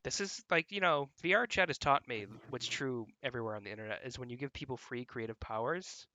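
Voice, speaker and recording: Quick talking young guy, bright voice, dry sound, joking around. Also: mid-range voice, dry recording. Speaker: podcast co-host. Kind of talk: casual chat.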